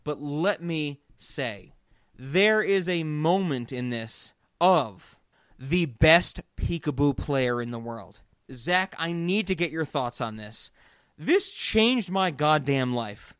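A man's voice: fairly high pitch, slow pace, clear, resonant tone, no echo, clean studio sound. A man co-hosting a casual podcast, gushing and laughing as he acts out scenes. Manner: gushing, laughing, animated retellings. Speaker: podcast co-host.

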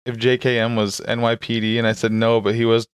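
A man's voice: mid-range voice, completely flat delivery, fairly quick, smooth, dry recording, clean studio sound. A young man hosting a comedy podcast, riffing casually, laughing often and swearing. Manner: laughs often, swears, riffs and acts out bits. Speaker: podcast host.

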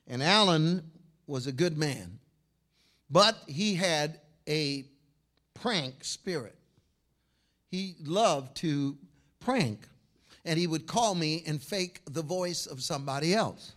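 A man preaching a fiery sermon, telling a story and swinging from shouts to hushed tones. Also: fairly high pitch, animated, slow, pauses often.

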